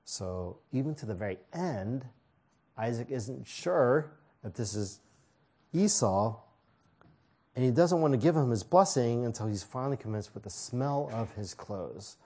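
A man's voice: medium pitch, expressive, measured pace, dark tone, breathy edge. A man preaching a sermon, reading scripture and explaining it in a conversational way with casual asides.

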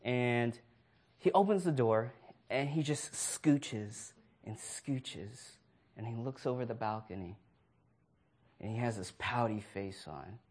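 A man's voice: medium pitch, slow. A man preaching a sermon through a personal story, acting out voices and laughing as he goes. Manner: animated storyteller who acts out voices and laughs.

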